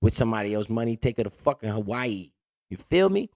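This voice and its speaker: Profane, fast-joking crypto host, muffled recording. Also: male voice, on the low side, big pitch swings, no echo. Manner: profane, blunt, joking rant. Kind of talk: unscripted market commentary. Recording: dull lo-fi dry audio.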